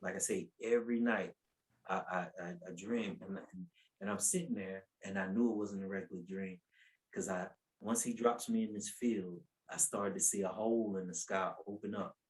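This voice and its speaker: A man's voice: fairly low pitch, moderate pace, poor audio. A man telling his personal faith testimony as a podcast guest in a casual, colloquial way, repeating words as he goes and acting out what people said. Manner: animated, acts out quotes with raised voice.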